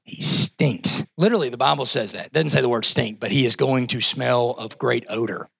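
Pastor guy preaching, bright high voice w some grit, chatty then fired up. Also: a little fast, creaky, breathy edge. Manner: impassioned, conversational preaching with rising emphatic peaks and asides. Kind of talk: sermon.

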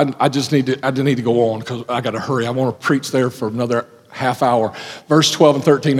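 A man preaching a sermon as pastor, folksy in his wording, swinging from loud exhortation to hushed tones. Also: medium pitch. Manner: folksy, says ain't and gotta. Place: church sanctuary. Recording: long hall reverb.

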